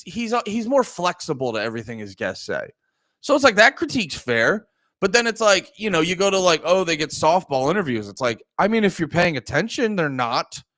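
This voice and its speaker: A man's voice: sits high, sing-song, moderate pace, bright, forceful tone, no echo, clean studio sound. A young man hosting a live stream, ranting casually with lots of profanity, restarts and mocking quoted voices. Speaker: streamer and podcast host.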